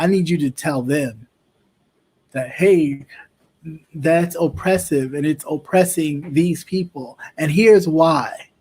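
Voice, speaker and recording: Impassioned high-voiced man. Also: takes it slowly, darkish tone, slightly rough. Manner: impassioned, emphatic repetition. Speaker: host. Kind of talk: political commentary talk.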